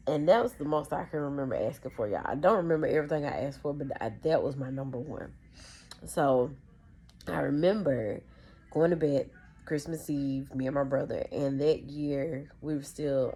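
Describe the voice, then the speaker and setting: A young woman, hosting a podcast and telling a childhood story in a casual, animated way, often calling her listeners "y'all". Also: deep voice. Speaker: podcast host.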